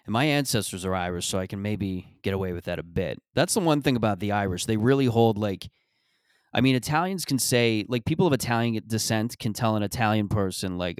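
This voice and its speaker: A man's voice: lowish voice, fairly quick, clear, resonant tone, no room sound. A man hosting a podcast, rambling and riffing profanely through a casual comedic monologue on a close mic.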